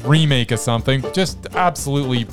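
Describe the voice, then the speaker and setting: A man's voice: medium pitch, brisk, over music. A man co-hosting a movie review podcast, talking in a digressive, argumentative way. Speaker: podcast co-host. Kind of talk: casual movie review banter.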